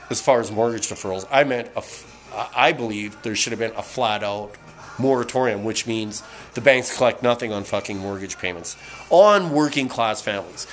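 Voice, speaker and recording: A man's voice: medium pitch, normal speed, fairly bright tone. A middle-aged man from Canada hosting a podcast, ranting casually with lots of swearing, fillers and restarts, a bit tipsy from beer. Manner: profane, rambling, many fillers and restarts. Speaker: podcast host.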